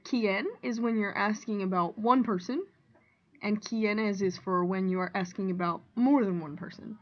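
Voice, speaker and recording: On a somewhat muffled, lo-fi recording, a Spanish teacher works through a lesson, voicing examples and unpacking each with clarity. She keeps a steady, deliberate pace and an ordinary mid-range pitch.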